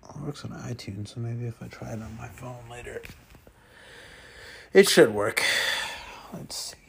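A man's voice: medium pitch, a little slow, creaky, slightly rough. A man chatting casually and rambling to himself while browsing online, swearing often and muttering under his breath. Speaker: vlogger.

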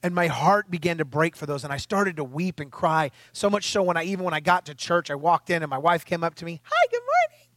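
High-voiced pastor preaching in a dry close-mic sound. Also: male voice, a little fast, few pauses, a bit bright, no echo. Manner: emphatic, conversational preaching with rhetorical questions. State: tearful and choked up at times. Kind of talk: sermon.

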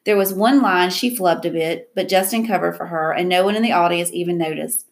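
Audiobook narrator, woman, reflective first-person reading, gravelly tone. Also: fairly low pitch, fairly quick.

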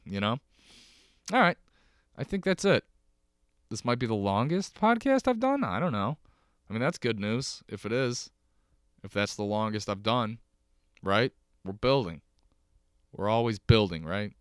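A young man with a Chicago accent hosts his podcast alone from his couch. His low voice is smooth and resonant, and the sound is close and dry with no room echo. He rambles and swears freely, poking fun at himself. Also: very animated, normal speed, long pauses, a bit bright. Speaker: podcast host. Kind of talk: casual solo podcast rambling. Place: home, on a couch.

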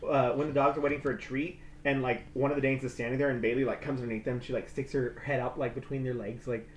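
A man's voice: medium pitch, flat delivery, fast talker, echoey room, a little hiss or hum. A man in his twenties co-hosting a casual podcast, rambling and laughing often as he tells stories. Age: 20s. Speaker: podcast co-host. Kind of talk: casual chat with ad reads.

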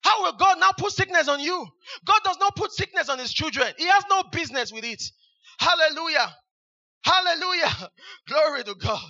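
A high, very bright male preacher, exclaiming hallelujah over and over between verses. His voice is sharp and piercing, and the recording is dull and lo-fi. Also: expressive, normal speed. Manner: exclamatory, repeats hallelujah, fervent. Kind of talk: sermon.

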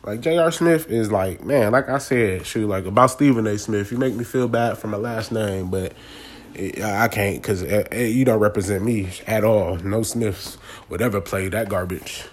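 A man's voice: on the low side, moderate pace, slight background noise. A man, ranting casually and animatedly about a sports game in slangy talk. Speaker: sports commentator.

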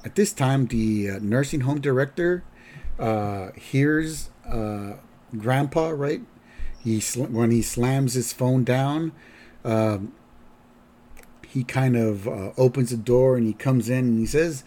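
A man's voice: medium pitch, slow pace, warm tone. A man hosting a podcast, casually recapping a cartoon episode with lots of fillers. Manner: rambling, filler-heavy. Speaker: podcast host.

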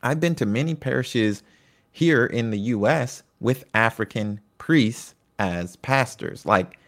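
A man's voice: medium pitch, animated, slow pace, fairly bright tone. A middle-aged man giving a casual educational talk, reading from notes and adding chatty asides. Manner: reads notes then adds chatty asides. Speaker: lecturer.

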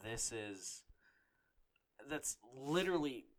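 A man ranting with exasperated, profane energy in a casual conversation. His voice sits at an ordinary middle pitch and keeps climbing into outraged bursts. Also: expressive, slow pace.

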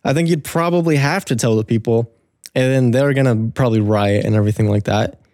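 A man's voice: medium pitch, fairly quick, darkish tone, no room sound, studio quality. A man in casual conversation who reasons his views out aloud. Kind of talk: casual chat.

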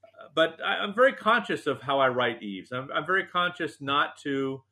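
A male writer being interviewed, telling animated, self-deprecating stories with jokes. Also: on the high side, moderate pace. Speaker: novelist and TV writer, guest. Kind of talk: interview, anecdotal storytelling.

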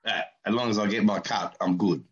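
A man's voice: fairly low pitch, fairly even intonation, a little fast, highs cut off. A man hosting a comedy podcast, teasing his guest with blunt banter. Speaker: podcast host. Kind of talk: casual comedy podcast chat.

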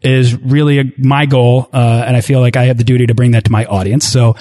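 A man's voice: medium pitch, level tone, brisk, mellow. A man hosting a travel podcast interview, speaking with encouraging enthusiasm. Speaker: podcast host.

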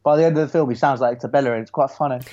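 A young man, co-hosting a casual football podcast, eager and excitable. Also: medium pitch, rapid-fire, lo-fi sound, a little hiss or hum. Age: young adult. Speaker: podcast co-host.

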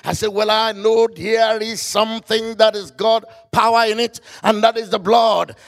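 High, gravelly fervent preacher man. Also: flat delivery, normal speed, faint music behind. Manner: fervent, bursts into shouting; quotes scripture in old-style phrasing. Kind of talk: sermon.

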